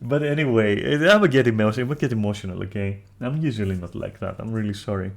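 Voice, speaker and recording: A man streaming a casual review, ranting loudly with heavy swearing, then dropping into quieter apologetic talk. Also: fairly low pitch, fast, gravelly. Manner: loud, profane, exasperated ranting that drops into quieter, apologetic talk.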